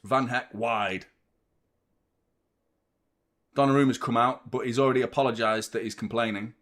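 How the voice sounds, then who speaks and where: A man, hosting a football watchalong with excitable, rambling commentary and frequent swearing. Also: medium pitch, a little fast. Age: 30s. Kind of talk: live match commentary and chat.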